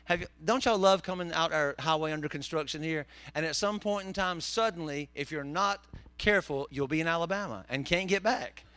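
A man's voice: a little high, a little fast, pushed and bright, dry recording. A man preaching a sermon, telling folksy, joking stories. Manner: folksy, joking storyteller with southern turns of phrase. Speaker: pastor.

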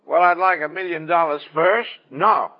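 A man preaching a sermon and telling a story, acting out the dialogue as he goes. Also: normal speed. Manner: storytelling, acts out dialogue with shifting pitch. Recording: dull lo-fi sound.

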